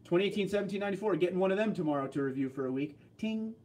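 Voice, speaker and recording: A man's voice: sits high, animated, very fast, a little mellow. A man from New Jersey hosting a casual livestream, chatting and joking as he reads and answers viewer comments. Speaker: livestream host.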